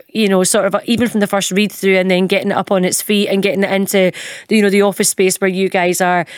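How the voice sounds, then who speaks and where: A woman's voice: mid-range voice, clean tone, no echo, clean studio sound. A Scottish woman interviewing a guest in a chatty, enthusiastic way, laughing easily. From Scotland. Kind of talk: casual interview chat.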